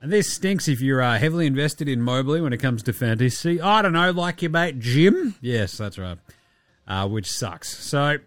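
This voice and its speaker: A man's voice: medium pitch, lively intonation, moderate pace, no echo. An Australian man hosting a basketball podcast, rambling through casual chat with sarcasm and plenty of swearing. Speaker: podcast host.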